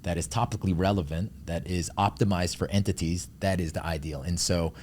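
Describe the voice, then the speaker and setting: A man, a guest on an interview, explaining his work in a quick, confident, salesy way. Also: a little mellow, slight background noise. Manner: fast, confident pitch-style explaining. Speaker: guest, marketing company founder. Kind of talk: casual interview chat.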